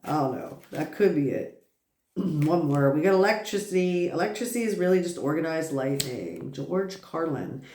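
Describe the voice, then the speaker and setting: A woman's voice: sits low, expressive, normal speed, warm tone, reverberant. A woman giving a casual tarot reading, rambling and swearing, who keeps bursting out laughing. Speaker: tarot reader.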